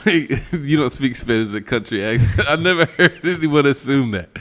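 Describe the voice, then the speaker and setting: A West Virginia man with an Appalachian accent co-hosts a podcast, rambling and laughing through a casual chat packed with fillers. His mid-range voice is animated and fairly bright, at a normal speed, and it sounds like he's in a large hall.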